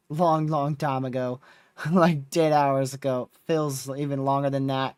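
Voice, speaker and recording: Speaking slowly in a clean, mid-range voice, a tired man hosts a storm chasing livestream about the weather. The studio-quality recording is dry. He yawns through a loose, rambling rundown of recent days, full of fillers and totally exhausted.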